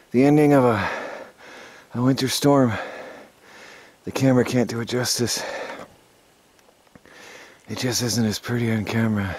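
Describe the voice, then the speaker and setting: Out in the snow at his homestead, a man with a mid-range, slightly mellow voice chats loosely for his vlog, recorded on a handheld camera mic. He wanders from topic to topic and now and then gets breathless from the cold and carrying firewood.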